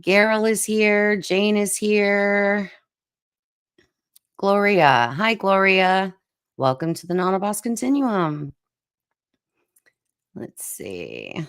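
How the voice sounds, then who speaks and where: A woman's voice: mid-range voice, big pitch swings, slow pace, pauses often, smooth, dry recording, studio quality. A woman hosting a casual livestream chat, greeting viewers one by one with lots of fillers, her voice cutting in and out. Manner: warm greetings to viewers by name, many fillers. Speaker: livestream host.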